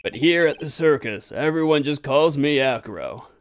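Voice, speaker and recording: A man voicing a male former circus acrobat who now uses a wheelchair, speaking slowly and deliberately, as a video game voice-over reading. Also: on the high side, animated, slight background noise. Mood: calm.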